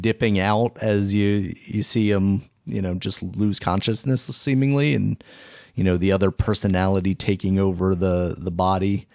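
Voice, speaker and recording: Male podcast co-host, lowish voice, relaxed and steady, casual chat.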